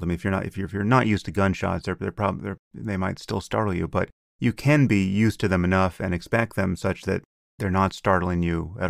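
A man with a very low voice and a gravelly rasp talks through ideas slowly and carefully, restarting his sentences as he works out the wording. The sound is dry and close, with no room echo. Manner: measured, explanatory, with frequent restarts. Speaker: podcast co-host. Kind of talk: casual conversation.

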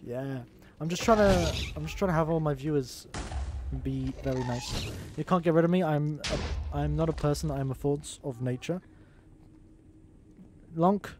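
A man's voice: on the high side, noisy background. A young adult man streaming live, bantering crudely with his chat, laughing and teasing, with a sore throat.

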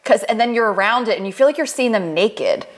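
A woman co-hosting a podcast, giggly and playful in quick casual back-and-forth. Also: fairly high pitch, animated. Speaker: podcast co-host. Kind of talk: casual chat.

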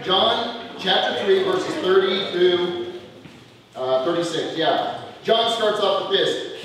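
Man, youth camp preacher, high voice, heavy echo, heard from far off. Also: slow pace. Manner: animated, casual, gets crowd to shout along. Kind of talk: youth sermon. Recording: echoey hall from far off, faint noise.

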